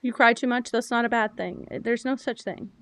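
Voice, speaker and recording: While gaming on stream, a young adult woman keeps up casual, open chatter, animated and self-described as loud and yappy. She talks at a moderate pace in a slightly high voice.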